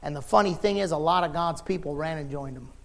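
A middle-aged man preaching a sermon in folksy, informal words, moving from quiet talk to impassioned shouting. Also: on the high side, fast, gravelly.

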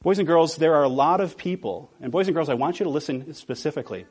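A male pastor delivering a sermon in a somewhat high, husky voice. He presses home his points with repeated rhetorical questions. He slows down deliberately to land the key words. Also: expressive, a little mellow.

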